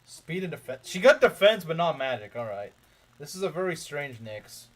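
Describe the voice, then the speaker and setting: A young man narrates his own playthrough in a loose, chatty stream. His voice sits a bit high for a man, and he rambles, loops back on the same lines and tosses jokes to his viewers. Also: very animated, moderate pace, fairly bright tone. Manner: rambling, repeats himself, jokey asides to chat. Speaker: let's play streamer. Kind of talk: casual game commentary.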